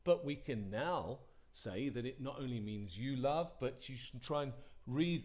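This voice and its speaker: This Latin lesson comes from a man whose first language is English, speaking at normal speed with medium pitch, lively intonation, and a slightly mellow tone. Patiently and repetitively, he invites listeners to say the forms aloud with him, as in a classroom.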